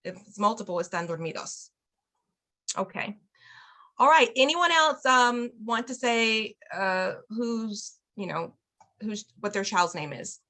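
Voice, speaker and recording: A cheerful woman leads a Spanish lesson for parents over a video call. Her voice sits a little high and has a bright edge. She keeps things encouraging and laughs easily. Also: unhurried. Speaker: parent Spanish class teacher.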